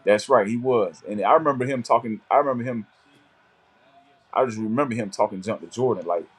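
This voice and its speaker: A man's voice: medium pitch, brisk, husky. Rambling South Florida man recalling old games. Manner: rambling, repeats himself while searching for words. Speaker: co-host. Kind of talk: casual chat.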